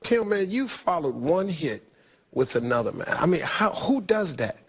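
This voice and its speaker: A man's voice: a little high, very animated, normal speed, a bit bright, breathy edge. A man hosting a talk show, loose and emphatic in casual interview, saying "man" often.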